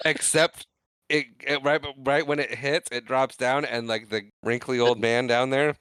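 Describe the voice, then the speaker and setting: A man's voice: mid-range voice, fairly even intonation, a little slow, fairly bright tone, clean tone, no room sound, studio quality. A man co-hosting a podcast, chiming in with short, wry reactions and quips. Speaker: podcast co-host. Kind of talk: casual chat.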